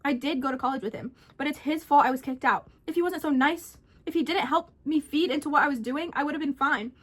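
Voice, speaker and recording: A woman's voice: high-pitched, fast talker, natural voice. A woman voicing a desperate, bitter young man who pleads and then rages in a spoken scary story. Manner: pleading then raging, blaming.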